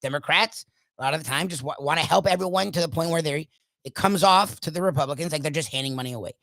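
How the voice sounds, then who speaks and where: A hoarse man hosting a sports talk show alone, ranting emphatically in a loud, opinionated monologue. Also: fairly high pitch, fast talker, dry recording, low-quality recording. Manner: opinionated, swings between loud bursts and quiet asides. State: hoarse from coaching. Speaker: sports radio host.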